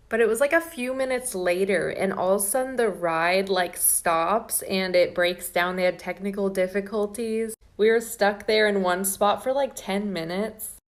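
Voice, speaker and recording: A young woman casually telling a personal ghost story to her viewers, chatty and earnest, with lots of "like". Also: medium pitch.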